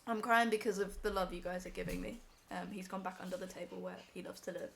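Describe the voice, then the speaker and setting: A woman's voice: fairly low pitch, fairly even intonation, fast, vocal fry, a bit bright, slight background noise. A young woman on a live stream, emotional and teary as she talks to her chat from home.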